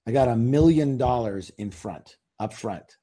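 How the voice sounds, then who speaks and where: Husky, warm-voiced man pitching hard. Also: expressive, unhurried. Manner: emphatic, salesy, rhetorical questions to listeners. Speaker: author, interview guest. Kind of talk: casual interview talk.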